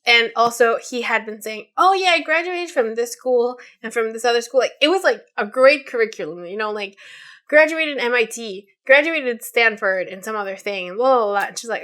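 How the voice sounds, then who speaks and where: Chatty twenty-something woman on a podcast, bright tense voice, kinda high, lots of "like" and "um". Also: normal speed. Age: 20s. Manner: chatty, many fillers, quotes people in lively voices. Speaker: podcast co-host. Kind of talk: casual chat, retelling a story.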